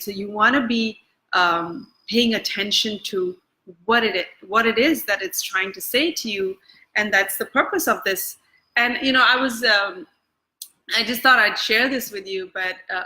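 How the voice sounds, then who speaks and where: Bright-voiced woman coaching on camera. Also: medium pitch, poor audio. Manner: conversational, many fillers and restarts. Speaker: EFT coach. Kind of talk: casual talk-to-camera teaching. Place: Bangkok.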